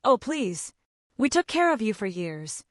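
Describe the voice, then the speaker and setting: A woman's voice: a little high, very animated, unhurried, dry recording, studio quality. A woman voicing a furious, entitled middle-aged mother who snaps sharply. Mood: bitter. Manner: sharp, snapping.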